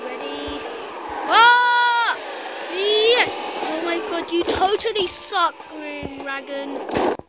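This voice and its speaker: A woman commenting on a physics game she is playing, excitable and teasing, trash-talking the crash dummy on screen. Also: high voice, slow pace, very noisy. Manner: excitable, shouts and trash-talks the game character. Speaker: gameplay commentator. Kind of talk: excited let's-play commentary. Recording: loud game music behind.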